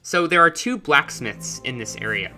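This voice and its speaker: A man's voice: on the high side, sing-song, moderate pace, bright, forceful tone, faint music behind. A man giving casual, chatty commentary while playing a video game, with musing asides. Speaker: gameplay commentator. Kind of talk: casual let's-play commentary.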